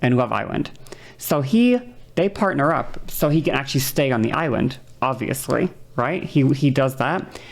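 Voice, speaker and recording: Rambling woman streamer with a gravelly voice. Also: lively intonation, normal speed. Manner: rambling, self-interrupting, acts out quoted lines in a higher voice. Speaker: streamer reacting to a video. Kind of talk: casual chat.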